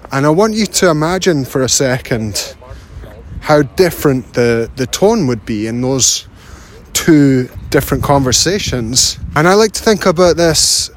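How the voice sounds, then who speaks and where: A man's voice: medium pitch, slight background noise. Reflective man musing on songwriting. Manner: thoughtful, speaks in loose restarts and fillers. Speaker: songwriting podcast host. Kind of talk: casual reflective monologue.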